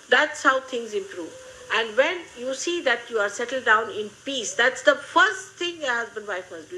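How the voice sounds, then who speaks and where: An older woman, giving a gently humorous, motherly spiritual talk to her followers. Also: mid-range voice, a little hiss or hum, low-quality recording. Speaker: spiritual teacher.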